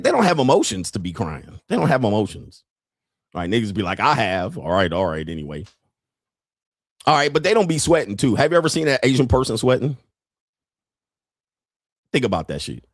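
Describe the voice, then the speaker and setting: Animated profane male livestream host. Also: medium pitch, a little fast, long pauses, no room sound, clean studio sound. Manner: animated, profane, laughs often. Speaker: host and dating coach. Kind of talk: crude comedic livestream commentary.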